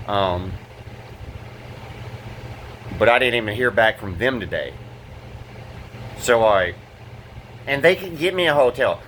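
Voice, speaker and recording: A man's voice: mid-range voice, a bit bright, a little hiss or hum. A man venting about his fire-damaged apartment in an angry, rambling vlog, swearing often and restarting his sentences, recorded inside the damaged apartment. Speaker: vlogger.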